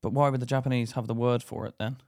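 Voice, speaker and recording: A man's voice: medium pitch, little pitch movement, fast talker, darkish tone. A man co-hosting a casual podcast, teasing and blunt, swearing freely. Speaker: podcast co-host. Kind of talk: casual chat.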